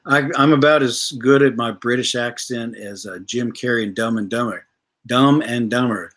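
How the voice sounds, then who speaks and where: A man's voice: mid-range voice, moderate pace, fairly bright tone. A man, hosting a livestream, ranting bluntly and profanely while reading viewer comments. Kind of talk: casual livestream rant.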